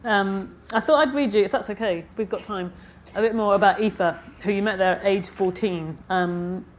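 A woman's voice: medium pitch, moderate pace, slight background noise. Novelist reading her own work aloud, woman. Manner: chatty asides with fillers between readings. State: frog in her throat. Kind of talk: author reading at a live event. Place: festival stage.

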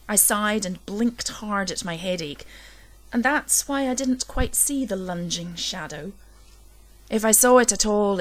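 Female narrator for a dark first-person horror story; low, intense delivery that builds. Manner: low, intense storytelling that swells at tense moments. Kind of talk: scripted horror story reading.

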